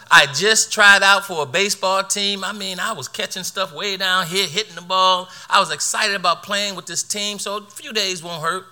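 Man, preacher, middle-aged, storytelling sermon, high pitch. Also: moderate pace, few pauses, bright, forceful tone. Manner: storytelling, laughing through the tale, repeats words.

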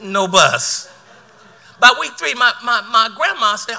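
A man's voice: very high-pitched, lively intonation, a little slow, vocal fry, sharp tone. A middle-aged man preaching a sermon, telling a personal story with laughter and repeated words.

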